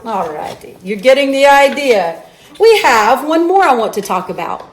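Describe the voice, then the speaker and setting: A woman teaching a children's music lesson, slowly sounding out terms and singing examples at different volumes. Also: high voice, big pitch swings. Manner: slow, clearly enunciated teaching voice. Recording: echoey room.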